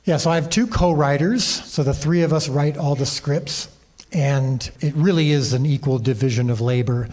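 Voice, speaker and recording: A man's voice: a little high, normal speed. A man telling behind-the-scenes stories as an interview guest on a convention stage, with many restarts. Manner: animated anecdotes with frequent restarts. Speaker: TV series creator and director, interview guest.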